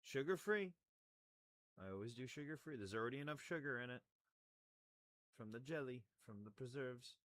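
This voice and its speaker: A man's voice: mid-range voice, animated, normal speed, long pauses, a bit bright, dry recording. A man talking casually to the camera while he crafts, rambling and joking at his own expense. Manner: rambling, self-mocking, plays with words. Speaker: hobby crafter making model trees.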